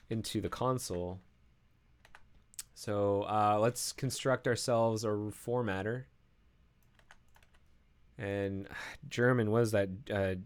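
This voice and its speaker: A man casually thinking aloud as he live-streams coding, full of fillers and restarts. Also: lowish voice. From Canada.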